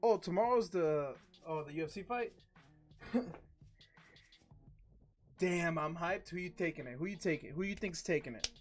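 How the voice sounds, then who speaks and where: A man's voice: on the high side, expressive, moderate pace, pauses often, faint music behind. A man hosting a live card-break stream, chatting casually with slangy, profane banter.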